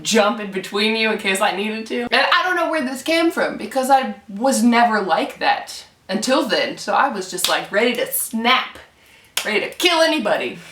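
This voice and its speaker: A young woman telling a story casually, animated and swearing freely as she acts out what people said. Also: medium pitch. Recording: echoey room, from a distance.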